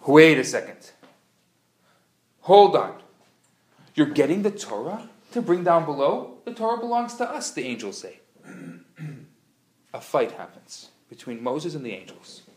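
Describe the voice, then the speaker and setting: Brief: male lecturer, somewhat high voice, lively storytelling, roomy classroom echo. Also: a little slow, long pauses. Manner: animated, playful storyteller who acts out dialogue. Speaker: teacher of a Kabbalah class. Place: classroom at a community center. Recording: roomy live room sound.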